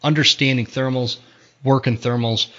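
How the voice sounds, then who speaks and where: A man's voice: mid-range voice, fairly even intonation, moderate pace, bright, forceful tone, muffled recording. A man hosting a podcast in an easygoing way, telling his own stories and asking follow-up questions. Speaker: podcast host. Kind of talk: casual podcast conversation.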